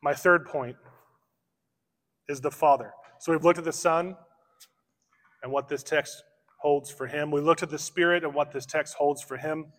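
A man preaching an expository sermon as pastor, slowing down to stress key phrases. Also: a little high, steady tone, a bit bright. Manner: expository preaching, slows for emphasis. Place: church sanctuary. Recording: long church reverb.

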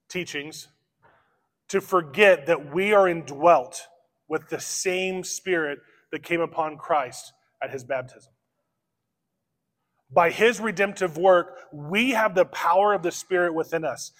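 A man's voice: high voice, fairly bright tone. Man preaching in a reverberant church. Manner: expository preaching, slows for emphasis. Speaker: pastor. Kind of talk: sermon. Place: church sanctuary.

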